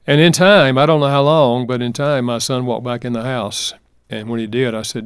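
An older man, an author and guest, telling a personal story in an earnest, gentle and measured way during an interview. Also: medium pitch, steady tone, clean tone, dry recording, studio quality.

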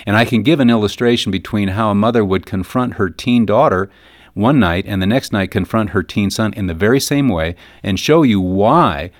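Earnest low-voiced man in a dry studio. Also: normal speed, no room sound. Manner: earnest, acts out quoted mothers and sons. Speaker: guest author on parenting. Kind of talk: radio interview talk.

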